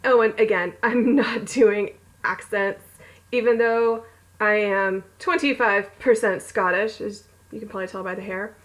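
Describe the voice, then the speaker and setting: The audio is poor as a woman with a mid-range, fairly even voice unhurriedly reads her own romance novel at home. She drifts into chatty, giggly asides that poke fun at herself.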